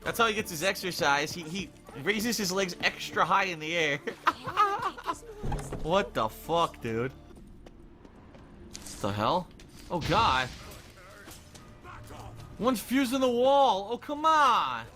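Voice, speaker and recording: A man's voice: sits high, lively intonation, slow, long pauses, pushed and bright, soft background music. A man streaming a video game, commentating live and ranting profanely at bugs and glitches. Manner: profane, easily angered ranting.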